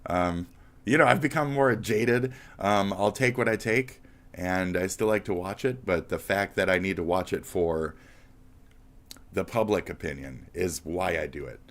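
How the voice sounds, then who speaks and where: A man's voice: deep voice, a little slow. Profane, ranting man. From United States. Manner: profane, heated ranting with mocking asides. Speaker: streamer. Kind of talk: live-stream commentary rant.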